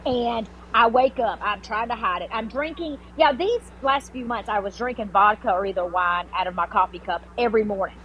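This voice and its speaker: Animated woman telling a story. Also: a little high, moderate pace, hardly any pauses, lo-fi sound, a little hiss or hum. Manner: animated, swearing, many restarts and filler words. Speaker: podcast guest. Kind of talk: casual storytelling.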